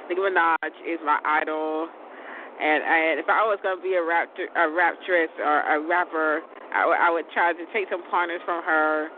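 A woman's voice: deep voice, fairly even intonation, moderate pace. A woman in her forties chatting casually in a rambling, repetitive way, laughing often. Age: 40s. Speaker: vlogger. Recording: tinny phone-like sound, faint noise.

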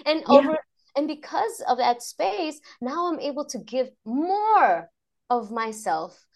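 A woman's voice: high-pitched, very animated, takes it slowly, vocal fry. A woman guest on a podcast, talking reflectively and emotionally about teaching mindfulness to children, laughing often. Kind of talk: conversational interview.

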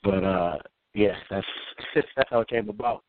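Here the Oakland musician speaks on the low side at a normal speed, with some background noise behind him on the dry, tinny phone line. He's middle-aged, a guest in a casual interview, and he keeps his storytelling relaxed, full of "man" and "you know."

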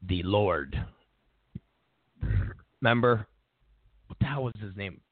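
A man's voice: fairly low pitch, animated, slow, slightly rough, no echo. A male talk show host in a mocking, rambling comedic political rant, repeating his phrases. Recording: tinny phone-like line, dry.

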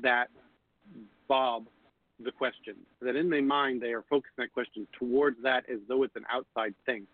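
A man's voice: mid-range voice, fairly even intonation, fairly quick, dry recording. A man on a call-in panel, explaining things in a thoughtful way and often repeating words as he starts. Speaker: panelist on call-in spiritual show. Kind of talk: casual panel discussion. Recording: phone-like narrow audio, dry.

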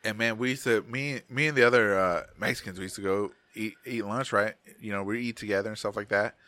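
A man's voice: lowish voice, fairly even intonation, brisk, pushed and bright, no room sound. A middle-aged man, co-hosting a podcast and telling rambling, profane stories in casual chat. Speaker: podcast co-host.

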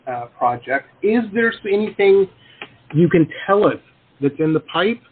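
A man's voice: high voice, sing-song, normal speed. Chatty American man on a tinny call. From United States. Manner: chatty, rambling, joking. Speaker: interview host. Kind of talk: casual video interview. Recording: tinny call audio with faint hiss.

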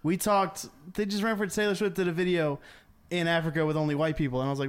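A man co-hosting a comedic sports podcast, rambling and halting as he reads topics, laughing along. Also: on the high side, flat delivery, smooth. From Atlanta area. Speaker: podcast co-host. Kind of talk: casual comedic sports chat.

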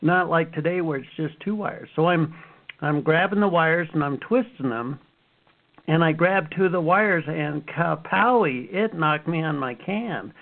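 A man's voice: on the high side, unhurried. Man in his fifties, interview guest, acts out past moments as he tells them; sound is narrow like a phone line. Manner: animated storyteller, acts out his own past reactions. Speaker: author and guest. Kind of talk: storytelling interview answers.

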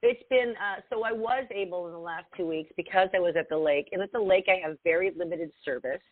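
A woman co-hosting a podcast in casual chat, expressive and laughing often, her voice swinging between loud and soft. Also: lowish voice, fairly quick, no echo. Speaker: podcast co-host. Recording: tinny phone-like sound, dry.

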